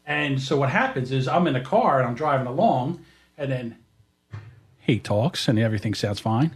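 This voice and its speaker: A man's voice: medium pitch, lively intonation, moderate pace, husky. A man hosting a podcast in casual chat, a blunt, rambling storyteller talking into a studio mic. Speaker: podcast host. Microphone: dynamic studio mic.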